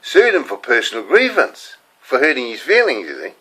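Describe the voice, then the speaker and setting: A man's voice: mid-range voice, huge pitch swings, moderate pace, pushed and bright, breathy edge, low-quality recording. An older man with a New Zealand accent, rambling through casual stories to the camera in a chatty, digressive way. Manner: chatty, digressive, laughing at his own stories. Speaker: home video host.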